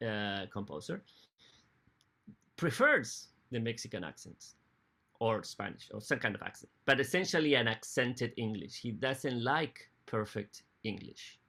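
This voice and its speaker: A man giving a talk on opera as a music director, halting and often correcting himself mid-sentence. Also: mid-range voice, sharp tone. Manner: halting, with frequent restarts and self-corrections. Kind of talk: lecture.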